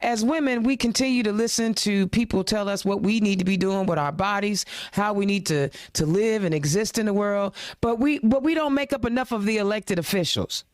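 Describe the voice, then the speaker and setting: A woman's voice: mid-range voice, fairly quick, hardly any pauses, no echo. Impassioned woman host, dry close sound. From Indiana. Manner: impassioned, ranting, rhetorical questions; chatty, informal. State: a little choked up. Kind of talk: political talk show rant.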